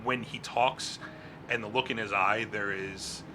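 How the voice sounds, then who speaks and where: A man's voice: lowish voice, steady tone, measured pace, background noise. A man narrating a tabletop game as game master, describing scenes casually with frequent fillers.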